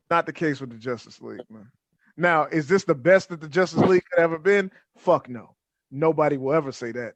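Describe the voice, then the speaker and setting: A man with a fairly high voice co-hosts a podcast in loose, profane chat about a movie. He keeps tossing in "man" and restarts his sentences as he gets worked up. The sound is dry, with no room around it. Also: moderate pace, a bit bright, no room sound. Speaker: podcast co-host. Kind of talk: casual film review chat.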